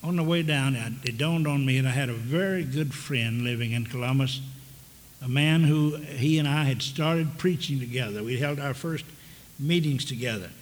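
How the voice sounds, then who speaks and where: An older man preaching a storytelling sermon in a folksy, halting way, full of restarts. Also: mid-range voice. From American South. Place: large church hall with audience. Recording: long reverb of a big hall, faint background noise.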